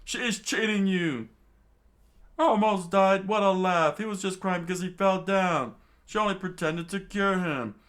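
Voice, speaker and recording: A man voicing an angry, jeering townsman in a manga read-aloud, loud and accusing. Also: high-pitched, very animated, slow pace, hardly any pauses, pitched above the performer's own voice, exaggerated voice.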